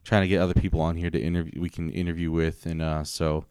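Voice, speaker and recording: A man's voice: low voice, fast talker. A man hosting a podcast, chatting casually and rambling with plenty of fillers. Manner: relaxed, rambling with frequent fillers. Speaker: podcast host. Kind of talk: casual chat.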